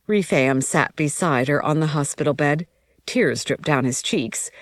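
Low woman's voice, even reading, dry close sound. Audiobook narrator. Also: measured pace, no echo. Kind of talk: first-person scripted narration.

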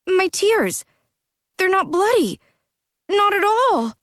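A woman voicing an emotional young man in an audiobook, breathless and high. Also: lively intonation, unhurried, dry recording, studio quality. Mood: joyful. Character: young man, tearful then overjoyed fledgling. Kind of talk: audiobook character reading.

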